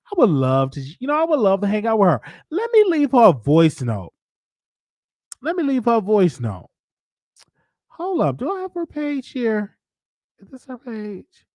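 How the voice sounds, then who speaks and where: A man hosting his own show in rambling, animated casual chat, thinking out loud. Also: high-pitched, normal speed, no room sound, clean studio sound. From Dallas, Texas. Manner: rambling, animated, talks to himself aloud. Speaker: show host.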